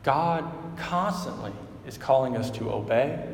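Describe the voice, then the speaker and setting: A man's voice: medium pitch, lively intonation, a little slow, creaky, a little hiss or hum. A man preaching a sermon as pastor, in a loose conversational way with many fillers and asides to the listeners. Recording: echoey hall, mic at a distance.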